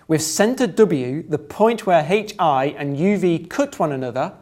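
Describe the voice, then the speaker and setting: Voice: mid-range voice, expressive, a little mellow. A presenter, reading out step-by-step geometry drawing instructions and adding dry, joking asides. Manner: deliberate, dry asides, breaks into laughter at times.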